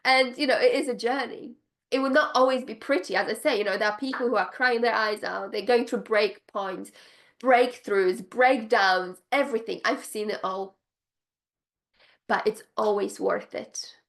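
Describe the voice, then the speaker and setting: Speaking directly to camera, a business coach for spiritual entrepreneurs delivers her pitch in a fairly high voice at a moderate pace. She gushes and stresses her points, repeating phrases to drive them home, with bursts of excited laughter.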